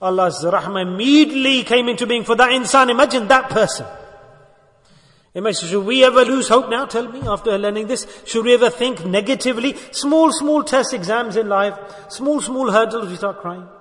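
A man's voice: extremely high pitch, normal speed, fairly bright tone, long reverb tail. A man delivering an emotive sermon, telling a story and rising into impassioned exhortation. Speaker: preacher.

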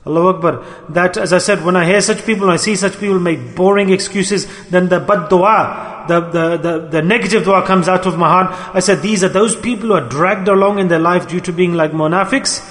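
An older man preaching sternly with a high-pitched voice, driving each point home by repeating it. He is recorded in an echoey hall with a long reverb tail. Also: brisk, fairly bright tone. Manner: stern, admonishing, repetitive emphasis. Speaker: Sufi teacher. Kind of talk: sermon.

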